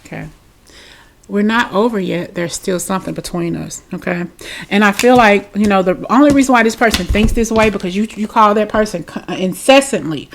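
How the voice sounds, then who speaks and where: A woman's voice: medium pitch, fairly quick, creaky, background noise. A woman giving a tarot reading, talking straight to her viewers in a chatty, reassuring way and often tagging lines with "okay?" and "you know". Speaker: tarot reader. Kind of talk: tarot reading talk to camera.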